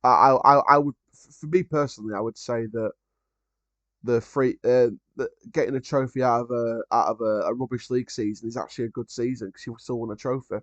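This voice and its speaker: A man's voice: mid-range voice, fairly even intonation, brisk, a bit bright, dry recording, lo-fi sound. A man hosting a live football watchalong, chatting casually about the match and other scores, with frequent ums and restarts.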